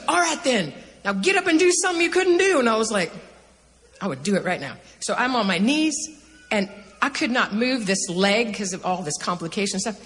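A woman telling an animated personal testimony as a guest, laughing often and rushing through her story. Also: mid-range voice. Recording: reverberant hall, faint background noise.

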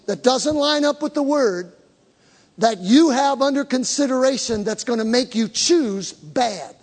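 A man preaching a sermon to a congregation, emphatic, repeating key words and drawing the crowd into call and response. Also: very high-pitched. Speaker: pastor. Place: church hall with live congregation. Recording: long reverb of a large hall.

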